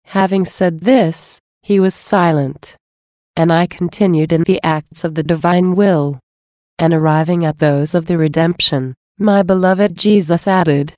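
A woman reading a devotional text aloud in a slow, measured, reverent way. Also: fairly low pitch, fairly even intonation, darkish tone, dry recording, clean studio sound.

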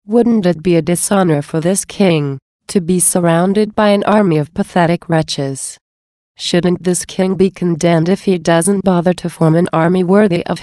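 A woman voicing a gentle, loving divine male speaker in a slow, measured, solemn devotional reading. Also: fairly low pitch, dry recording, clean studio sound, natural voice.

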